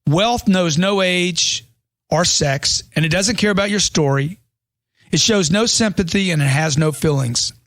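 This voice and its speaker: A man's voice: on the high side, moderate pace, a bit bright, no echo, clean studio sound. A man reading a money self-help book aloud as scripted audiobook narration, in an emphatic motivational way that leans on rhetorical questions.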